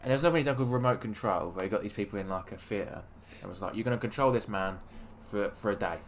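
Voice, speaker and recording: A man's voice: fairly low pitch, quick pace, slight background noise. A man co-hosting a podcast, telling long rambling stories in casual chat with many fillers. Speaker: podcast co-host.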